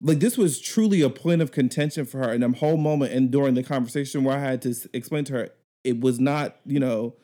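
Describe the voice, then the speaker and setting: A man hosting a casual chat, telling a work story in an animated way, laughing often and acting out the people he quotes. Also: mid-range voice, fast. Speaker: podcast host.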